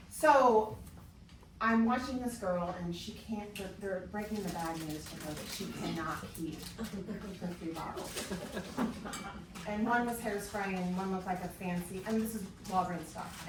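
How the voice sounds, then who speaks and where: A woman's voice: mid-range voice, expressive, normal speed. A woman giving a motivational keynote talk to a live audience, telling stories animatedly and acting out other people's lines. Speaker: keynote speaker. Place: large conference room. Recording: echoey hall, speaker far from the mic, background noise.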